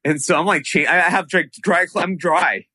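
Man, casual profane storyteller, forceful bright voice, dry sound. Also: on the high side, moderate pace, slightly rough, no echo. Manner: animated, profane, lots of fillers. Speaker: guest telling a story.

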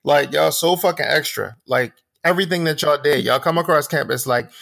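A man's voice: on the high side, fairly quick, vocal fry, few pauses, a bit bright, no echo. A man co-hosting a podcast, a profane storyteller who acts out the voices he quotes. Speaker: podcast co-host. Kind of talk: casual chat.

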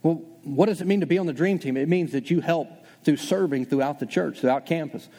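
A man preaching to a congregation with a slightly high voice, fast and animated, playing out his listeners' doubts in quick little asides. His voice carries a long reverb from a large church auditorium. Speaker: pastor. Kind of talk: sermon.

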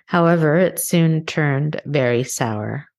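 A middle-aged woman from Canada hosts a reflective motivational podcast. Her voice sits low, and she speaks earnestly and at a measured pace. She slows down to stress her key points. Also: a little mellow. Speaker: podcast host.

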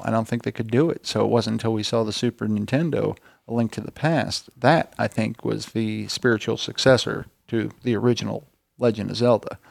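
A man's voice: mid-range voice, creaky, darkish tone, no room sound. A man co-hosting a casual gaming podcast, chatting in a wry, opinionated way. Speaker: podcast co-host. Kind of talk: casual chat. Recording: dry close studio mic.

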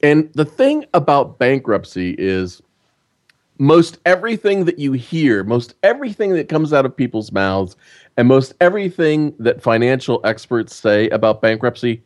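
Blunt, swearing debt-consultant guest. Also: male voice, mid-range voice, big pitch swings, moderate pace. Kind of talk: casual podcast interview.

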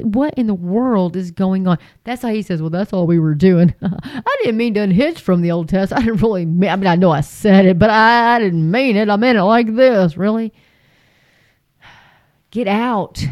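A woman's voice: fairly high pitch, a little mellow, no room sound. A woman giving impassioned religious commentary, emphatic and repetitive, with frequent fillers. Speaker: Christian commentator.

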